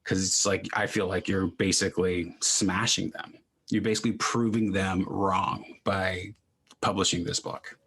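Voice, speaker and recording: A man's voice: deep voice, fairly even intonation, unhurried, a bit bright, breathy edge. A man hosting a podcast interview, supportive and rambling, with lots of fillers. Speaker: podcast host. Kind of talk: casual interview chat.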